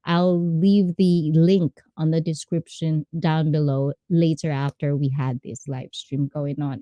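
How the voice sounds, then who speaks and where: A woman's voice: low voice, takes it slowly, hardly any pauses, mellow, no echo. Filipino woman hosting a live chat. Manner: switches between English and Tagalog, reads chat aloud, laughs often. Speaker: livestream host, personal trainer. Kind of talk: casual livestream chat.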